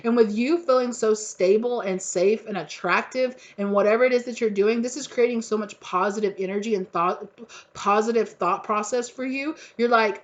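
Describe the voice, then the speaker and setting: A woman's voice: fairly high pitch, moderate pace, muffled recording. A woman giving a collective tarot reading, gushing and repetitive, with casual swearing. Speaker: tarot reader.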